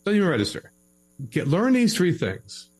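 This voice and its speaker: A man giving relationship advice in a casual podcast conversation, animated and acting out both sides of an argument. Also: sits high, moderate pace.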